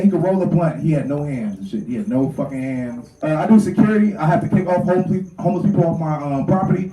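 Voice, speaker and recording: Crude loud-storytelling male stand-up comedian. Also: sits high. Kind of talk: stand-up set. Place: garage open mic. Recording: roomy garage heard from far off.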